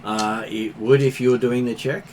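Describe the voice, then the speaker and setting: Running a tabletop game over voice chat, a man serves as game master and patiently explains the rules, using fillers as he goes. His mid-range voice is fairly even in intonation, darkish in tone, and at normal speed, with a little hiss or hum in the recording.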